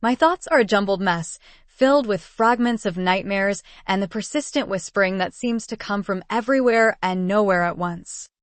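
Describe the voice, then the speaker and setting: A woman giving a steady, measured first-person narration of a story as an audiobook narrator. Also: mid-range voice, dry recording.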